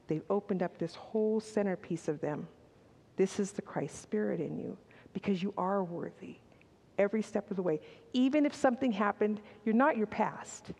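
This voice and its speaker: Older woman, conversational sermon, mellow voice, candid asides, long hall echo. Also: medium pitch. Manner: candid, personal, with asides and restarts. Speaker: speaker at a church service. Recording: long reverb in a large hall.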